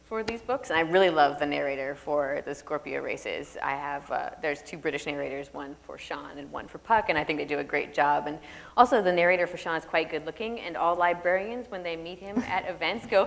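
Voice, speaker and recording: A woman's voice: deep voice, fairly quick, vocal fry. A woman author talking energetically onstage, laughing often, then reading her own prose aloud to an audience in an opera house. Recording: long reverb of a large hall.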